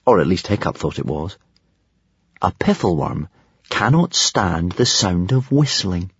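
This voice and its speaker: A man reads a children's adventure story with an expressive delivery and speaks directly to the listener. His voice is a little husky, and his pitch moves a lot. The recording is dry and slightly dull. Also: no room sound. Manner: expressive, addresses the reader. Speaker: audiobook narrator. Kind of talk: scripted storybook narration.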